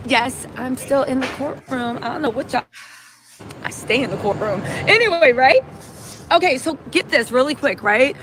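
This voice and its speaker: A woman hosting a casual livestream from a city street, talking fast and emphatic, tagging "right?" onto her points. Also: high voice, lively intonation, noisy background. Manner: chatty, emphatic, many "right?" tags. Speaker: livestream host.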